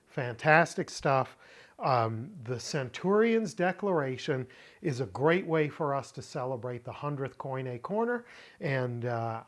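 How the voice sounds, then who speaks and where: A man hosting a teaching show on Bible Greek, talking slowly and deliberately, with pauses, fillers and throat clearing. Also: on the high side. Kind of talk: unscripted teaching talk.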